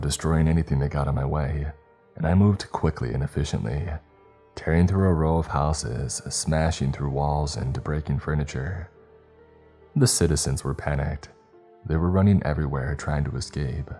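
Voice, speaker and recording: A man narrating a horror story in a grim, even, scripted manner. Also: rumbling low. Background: faint background music.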